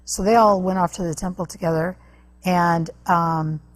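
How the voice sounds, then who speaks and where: A woman guest on an interview show, telling a personal story earnestly, with halting restarts. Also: lowish voice, fairly even intonation. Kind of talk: personal testimony in a talk interview.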